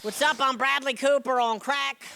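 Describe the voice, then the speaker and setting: A male stand-up comedian with a high, bright voice that gets mistaken for a woman's, joking anxiously and shouting his punchlines on a club stage mic. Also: fairly even intonation, moderate pace, vocal fry. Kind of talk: stand-up set.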